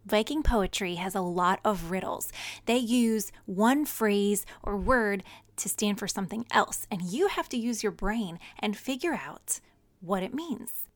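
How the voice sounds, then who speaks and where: A woman narrating a children's story and teaching syllables in a gentle, teacherly way. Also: medium pitch, animated, unhurried, no echo.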